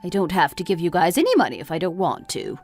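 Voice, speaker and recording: A woman's voice: on the low side, huge pitch swings, quick pace, soft background music. A woman voicing an exasperated, scolding mother. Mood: dismissive. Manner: reproachful, fires off questions. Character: exasperated middle-aged mother scolding her drunk grown son. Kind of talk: texting-story voice-over.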